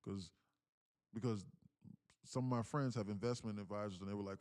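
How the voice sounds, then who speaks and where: A man hosting a live trading stream, talking casually in a lively, slangy and profane way with many restarts. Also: on the low side, normal speed.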